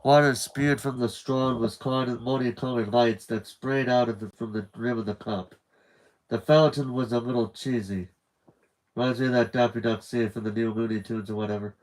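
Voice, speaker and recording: A man's voice: mid-range voice, fairly even intonation, moderate pace, darkish tone, low-quality recording. A man reading a novel aloud on a live stream, casually breaking off for rambling side comments. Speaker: novel reader.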